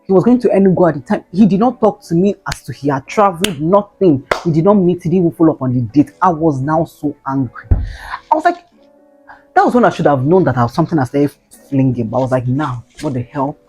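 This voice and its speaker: A woman in her twenties tells a personal story in a casual, animated way, with slangy exclaiming asides to her viewers. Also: deep voice, quick pace. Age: 20s. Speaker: vlogger. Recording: faint guitar music behind.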